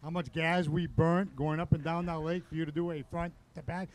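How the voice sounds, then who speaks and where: Man, co-commentator, live sports, hype and banter, slightly high voice. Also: level tone, a little fast. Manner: hyping, teasing banter with his co-host.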